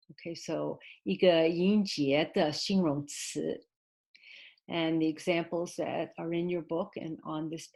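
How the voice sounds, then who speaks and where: A woman teaching an online English class, explaining slowly and patiently with many pauses and fillers, and giving Mandarin glosses for her students. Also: sits low. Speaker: ESL teacher.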